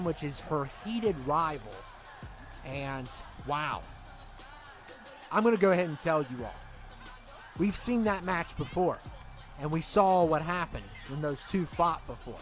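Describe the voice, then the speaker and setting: High-voiced man rambling through game commentary. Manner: rambling, excitable.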